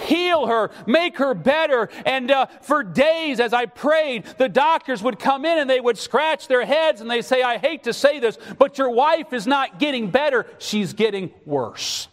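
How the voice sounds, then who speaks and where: A man's voice: extremely high pitch, lively intonation, normal speed, few pauses. A middle-aged man preaching a sermon, pleading and emphatic, his voice rising in fervent bursts. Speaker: pastor. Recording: long reverb of a hall.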